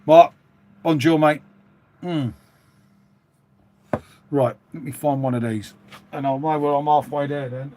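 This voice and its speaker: Brief: matey man, middle-aged, a bit higher voice, rambling live-stream chat. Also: steady tone, unhurried, long pauses, warm tone, a little hiss or hum. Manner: chatty, rambling, matey, reading out viewer comments. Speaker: livestream host.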